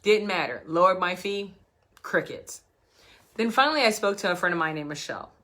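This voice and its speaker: A woman business coach talks straight to camera in a brisk, lowish voice, telling an animated story. As she goes, she acts out both sides of the conversations.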